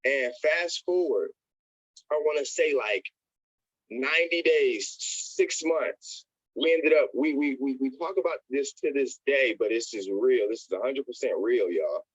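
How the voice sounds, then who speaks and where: A man telling a motivational story about his early days in sales, animated, repeating himself and calling his listeners "y'all". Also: medium pitch, unhurried, husky, dry recording, highs cut off. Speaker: network marketing motivational speaker.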